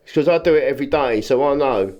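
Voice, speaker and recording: A man, a rubbish clearance business owner chatting as a podcast guest, telling stories and acting out what people said. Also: medium pitch, fast, darkish tone, highs cut off. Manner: plain, informal speech. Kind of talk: casual podcast chat.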